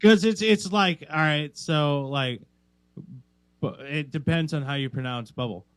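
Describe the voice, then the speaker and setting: A man's voice: fairly high pitch, a little slow, clean tone, no echo. A young man co-hosting a podcast in casual chat, rambling and riffing on silly jokes. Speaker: podcast co-host.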